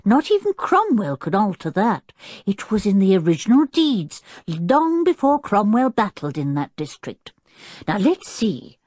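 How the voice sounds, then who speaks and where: A woman voicing an older male professor who explains things in a measured, scholarly way in an audiobook. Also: medium pitch, very animated, a little mellow, dry recording, clean studio sound, voice pushed up. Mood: explanatory.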